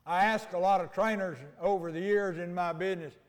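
An older man preaching a folksy sermon, telling homespun stories and slowing down for emphasis. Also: sits high, fairly even intonation, big-room sound. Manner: homespun storytelling, slows for emphasis. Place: church sanctuary. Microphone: mic.

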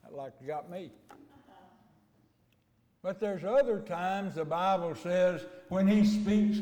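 An older man delivers a homespun sermon, slowing down to stress his points. His voice sits high for a man, and it rings with the long reverb of a church hall, picked up on a mic. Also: dark tone. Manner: homespun storytelling, slows for emphasis. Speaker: preacher. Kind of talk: folksy sermon. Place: church sanctuary.

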